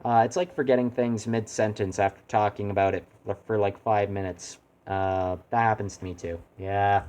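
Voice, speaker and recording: A man's voice: on the low side, darkish tone. A man streaming a video game, chatting casually and rambling as he keeps interrupting himself to talk to his chat. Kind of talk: casual live-stream commentary.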